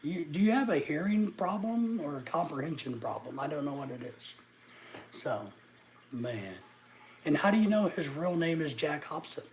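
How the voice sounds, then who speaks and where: A man's voice: on the high side, sing-song, moderate pace, a little hiss or hum. A middle-aged man from Arkansas, chatting casually with viewers on a livestream and teasing them sarcastically. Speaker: livestreamer answering chat.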